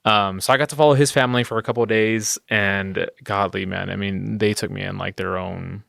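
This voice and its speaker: A gravelly young man talks through his work in a relaxed interview, rambling and self-deprecating with bursts of high laughter. His voice sits a bit low, recorded dry and close with no room sound. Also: a little fast, dry recording. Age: 20s. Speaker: guest videographer. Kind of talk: casual interview storytelling.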